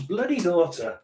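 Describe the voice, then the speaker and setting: A man hosting a casual tarot and spirit box reading. He chats and mutters asides, often clearing his throat. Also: high-pitched, darkish tone, a little hiss or hum.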